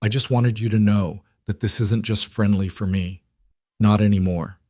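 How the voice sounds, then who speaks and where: A man's voice: lowish voice, steady tone, moderate pace, darkish tone, dry recording, clean studio sound, lightly acted. A man voicing a self-assured woman executive in audiobook dialogue, firm and direct. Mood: steady.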